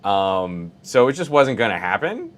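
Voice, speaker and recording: A man's voice: on the low side, big pitch swings, a little slow. A man co-hosting a tech podcast over a remote call, speaking with a radio announcer delivery. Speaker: podcast co-host. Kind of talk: casual tech podcast chat.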